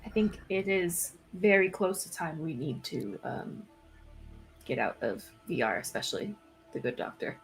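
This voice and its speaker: A woman playing a tabletop game, speaking in character in a slow and deliberate way. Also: on the low side, very animated, creaky, soft background music, rough recording. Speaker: player.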